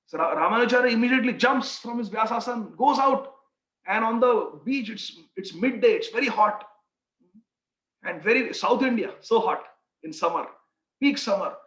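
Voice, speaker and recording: A man preacher telling a story in a sermon, animated and fond of repeating phrases. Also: sits high, fairly quick. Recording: echoey, dull sound.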